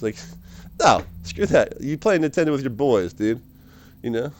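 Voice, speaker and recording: A man's voice: medium pitch, animated, moderate pace, a little mellow, no room sound. A man rambling casually to camera as a vlogger, laughing often and calling the listener dude and man.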